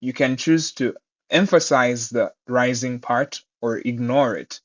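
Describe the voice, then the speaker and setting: A man teaching Mandarin pronunciation, saying each word twice and explaining it clearly. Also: medium pitch, unhurried, highs cut off. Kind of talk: pronunciation lesson.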